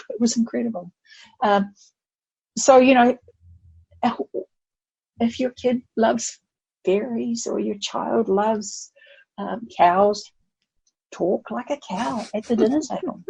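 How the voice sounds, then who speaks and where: An older woman, a grandmother, speaking as a guest on a podcast and telling stories with lively acted-out voices. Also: on the high side, slow pace, vocal fry, pauses often, husky, no echo, poor audio. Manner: animated storytelling, acts out voices. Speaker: guest expert. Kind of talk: podcast conversation.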